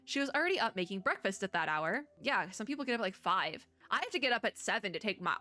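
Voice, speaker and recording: A woman's voice: medium pitch, very animated, fast talker, sharp tone. A young woman from Texas giving casual, rambling commentary while playing a story game and reading its dialogue aloud. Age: young adult. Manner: chatty, rambling, reads dialogue without voices. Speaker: gaming content creator. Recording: faint game music behind.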